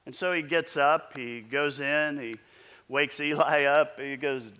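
A man in his fifties preaching with a bright, forceful voice, his speech a little higher than most men's. He tells his story in a relaxed, reflective way, and a long reverb trails each phrase, as in a church. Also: unhurried, smooth. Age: 50s. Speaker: pastor. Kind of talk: storytelling sermon.

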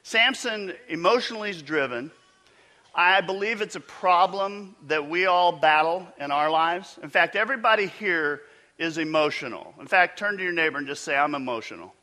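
A man's voice: high-pitched, normal speed, pushed and bright. A pastor preaching a conversational sermon in a church, asking his congregation questions as he goes.

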